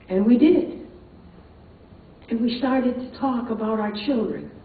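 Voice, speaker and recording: A woman's voice: a little high, a little slow, slight background noise. Older woman storyteller, chatty and amused; tinny sound, very echoey hall, far from the mic. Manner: chatty, amused, laughs often. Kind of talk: live personal storytelling. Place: performance hall.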